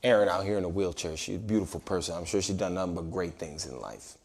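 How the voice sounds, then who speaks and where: A man doing stand-up crowd work on a comedy club stage, brash, swinging from shouts to mumbled asides. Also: deep voice, quick pace, gravelly.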